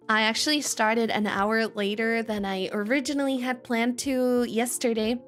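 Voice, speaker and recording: A woman's voice: a little high, moderate pace, few pauses. A woman streamer chatting casually to her viewers, rambling, laughing often and greeting chat by name. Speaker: streamer and voice actor.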